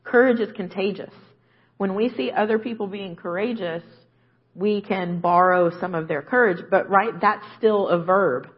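A woman's voice: mid-range voice, moderate pace, breathy edge, lo-fi sound. A woman preaching a conversational sermon, often checking in with "right?". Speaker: guest preacher.

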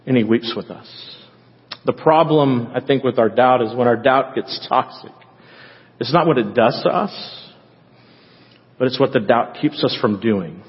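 A man preaching a sermon as a pastor, conversational at first and then building to loud, passionate emphasis. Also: fairly high pitch. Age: adult parent. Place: church sanctuary. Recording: dull sound with long hall reverb.

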